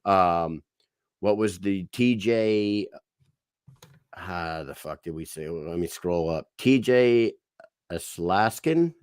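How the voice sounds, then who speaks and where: A low-pitched man co-hosting a casual podcast, spinning an animated story and swearing freely. He slips into quick impressions of the people he quotes. The sound is close and dry, with no room around it. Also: clear, resonant tone, no echo. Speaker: podcast co-host. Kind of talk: casual chat.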